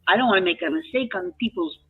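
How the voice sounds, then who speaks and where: A woman retelling a work story in casual chat, animated and emotional, with many restarts. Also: mid-range voice, fast, breathy edge. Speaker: live chat guest. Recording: tinny phone-line audio with faint music.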